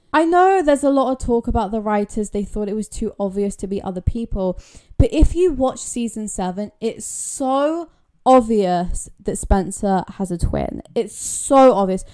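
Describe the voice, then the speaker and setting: A young British YouTuber chats casually with her viewers in a casual commentary vlog, sounding emphatic and repeating words for stress. Her voice is medium-pitched, smooth, and somewhat dark in tone.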